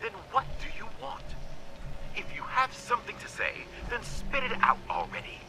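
A blunt, impatient brother in a video game. His voice is high and jumps around a lot as he pushes for answers. He sounds short-tempered. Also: huge pitch swings, normal speed, gravelly, background noise, heavily acted. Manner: blunt and impatient, then startled. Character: impatient younger brother at a hunting lodge. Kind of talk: video game dialogue recording.

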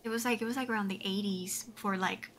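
A woman's voice: mid-range voice, steady tone, fast, fairly bright tone, a little hiss or hum. A woman streamer chatting casually while she plays, giggly and rambling, full of "like" fillers. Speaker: game streamer. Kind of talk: casual live-stream chat while playing.

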